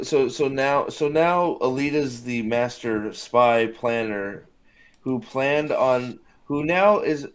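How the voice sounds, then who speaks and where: A man hosting a casual watch-party chat, ranting and mocking the show with lots of swearing. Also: medium pitch. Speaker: host.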